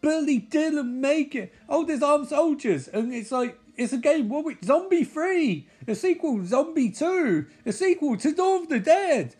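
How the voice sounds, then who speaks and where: A man giving sarcastic, casual running commentary on a film, swearing and getting excitable as he watches. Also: very high-pitched, a little slow, hardly any pauses. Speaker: movie reaction commentator. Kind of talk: casual live movie commentary.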